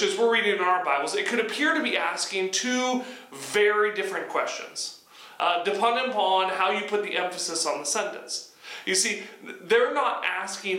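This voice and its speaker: High, bright-voiced man preaching in an echoey room. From United States. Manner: conversational with frequent restarts. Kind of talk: sermon teaching.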